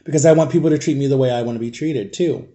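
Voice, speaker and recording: With a warm tone at medium pitch, this young adult man talks quickly through a rambling vlog story about himself. It's chatty and casual, heavy on "like" and "guys."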